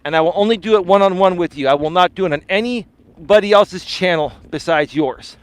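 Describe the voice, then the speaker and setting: A man's voice: high-pitched, fairly quick, smooth, dry recording. A male dating and life coach ranting on a live stream, confrontational and repeatedly calling his opponent bro and sir.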